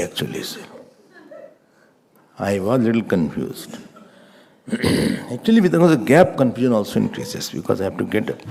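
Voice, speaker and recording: A man teaching a scripture class, his voice mellow and warm. He talks with a lively, rising-and-falling pitch and patiently repeats key points for emphasis. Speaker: Vedanta teacher.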